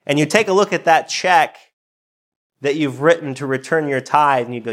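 Soft-spoken middle-aged pastor, gentle sermon delivery, mid-range voice. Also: male voice, mid-range voice, fairly quick.

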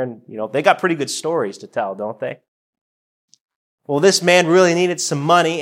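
A middle-aged man, a pastor delivering a sermon in a soft-spoken, conversational way. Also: mid-range voice.

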